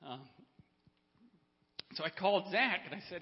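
A man telling personal stories to a church congregation, unprepared, with frequent restarts and throat clearing. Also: on the high side, unhurried, long pauses. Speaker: church member speaking to congregation. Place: church sanctuary. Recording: lo-fi with long hall reverb.

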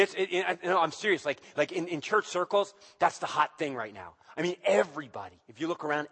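Male preacher, high voice, animated sermon delivery, long hall reverb. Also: breathy edge. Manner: animated, acts out quotes in a raised voice. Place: church service.

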